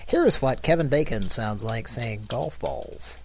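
A man's voice: medium pitch, lively intonation, unhurried. A man co-hosting a prank call podcast who jokes around in casual banter and sometimes trips over his words. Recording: loud background noise.

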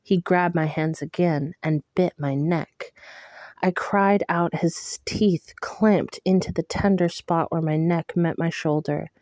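Slow, hushed woman reading a novel. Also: lowish voice, fairly even intonation, no echo, clean studio sound. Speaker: audiobook reader. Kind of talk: first-person novel narration.

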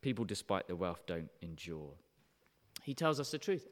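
Man preaching in an echoing hall. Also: fairly low pitch. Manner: animated, emphatic, quick to question the listeners. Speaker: pastor. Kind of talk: sermon.

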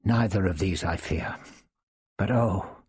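A man's voice: low-pitched, slow pace, a little mellow, slightly rough, no room sound, clean studio sound, voice pushed down, full character voice. A man voicing a proud medieval king who speaks in a clipped, formal, commanding way. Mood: brooding.

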